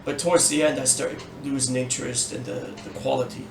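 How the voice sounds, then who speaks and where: A man's voice: medium pitch, flat delivery, fairly quick, music in the background. A man co-hosting a podcast, talking in casual chat in a hesitant way with frequent fillers. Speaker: podcast co-host. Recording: echoey room, distant mic, clear noise.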